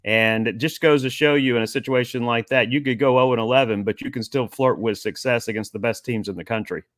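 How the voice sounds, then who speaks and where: A man co-hosting a sports radio show, recalling old games and coaches in an earnest, halting way. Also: medium pitch, fairly even intonation, no echo, clean studio sound. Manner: earnest, reminiscing, with filler pauses. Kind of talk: casual sports talk.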